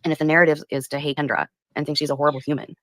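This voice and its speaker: A woman's voice: low-pitched, level tone, very fast, fairly bright tone, no echo. A woman livestreamer speaking defensively and close to tears. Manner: defensive, tearful. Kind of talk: live stream replayed.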